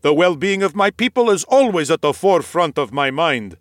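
A man's voice: fairly high pitch, expressive, moderate pace, no room sound, clean studio sound, voice pushed up, lightly acted. A man voicing a cheerful male noble warrior who loves battle, speaking in a formal, eager, courtly way in an audiobook. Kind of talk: audiobook character voice.

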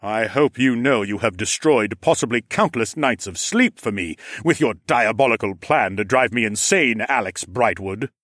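A man voicing a big, impatient but friendly ram lord in an audiobook, talking in a gruff, blustery way. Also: medium pitch, animated, normal speed, hardly any pauses, a bit bright, no room sound, studio quality.

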